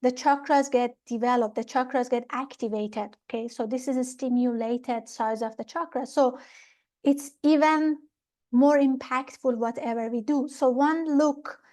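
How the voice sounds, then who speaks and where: A woman instructor giving a spiritual teaching talk, explaining calmly and checking in with her listeners. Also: high voice, a little slow. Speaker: meditation workshop instructor.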